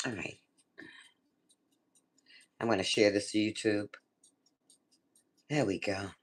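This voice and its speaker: A middle-aged woman telling a story casually in her vlog, animated and swearing freely as she talks straight to her viewers and a friend. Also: a bass voice, slow pace. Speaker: vlogger.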